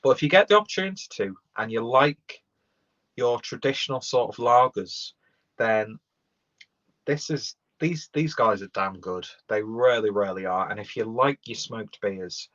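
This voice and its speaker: A man's voice: mid-range voice, a little slow, fairly bright tone. A young man giving a rambling, sweary, casual live-stream beer review, talking while chewing. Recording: dull lo-fi stream audio.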